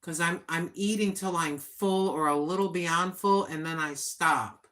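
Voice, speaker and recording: Older woman, livestream host, talks plainly and earnestly; bright, slightly low voice. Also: unhurried. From United States. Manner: plain-spoken, chatty and earnest. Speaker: vlogger. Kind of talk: casual livestream chat.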